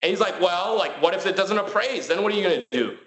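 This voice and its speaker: A man telling his story as a guest in a casual interview. He talks in a rapid, filler-heavy way and acts out the dialogue he quotes. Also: sits high, expressive, a bit bright, roomy sound, low-quality recording.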